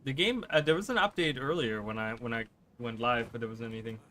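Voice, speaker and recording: Fast-rambling male gaming streamer. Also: medium pitch, bright, forceful tone. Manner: fast-talking, rambling, many restarts. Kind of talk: live-stream gameplay chat.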